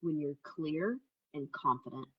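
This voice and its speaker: Low, husky-voiced folksy woman from the Midwest. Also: expressive, a little slow, highs cut off. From American Midwest. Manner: folksy, talkative, laughs easily. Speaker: co-host. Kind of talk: casual chat.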